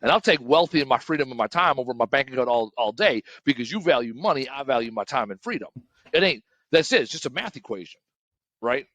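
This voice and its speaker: A man's voice: medium pitch, expressive, quick pace, a bit bright, no echo. A man co-hosting a podcast in casual chat, telling stories in a blunt, profane way and often repeating himself. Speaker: podcast co-host, demolition company owner.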